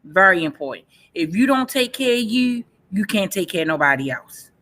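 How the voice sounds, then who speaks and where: A woman's voice: medium pitch, very animated, normal speed, fairly bright tone. A woman in her forties speaking earnestly about her own life. She talks emphatically and repeats her key phrases. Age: 40s. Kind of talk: personal testimony in a panel session.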